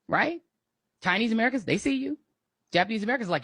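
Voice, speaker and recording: A woman's voice: medium pitch, expressive, racing, fairly bright tone, husky, no room sound, clean studio sound. A woman giving an impassioned political rant, emphatic and repetitive, with a mocking edge. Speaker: political commentator.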